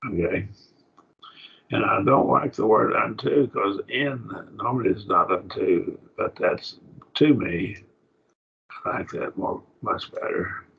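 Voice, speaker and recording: A man teaches a Bible study class, pausing and restarting as he reasons through Greek words. His voice is very gravelly and husky, sitting on the low side. The recording sounds dull and lo-fi. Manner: halting, thinks aloud with restarts.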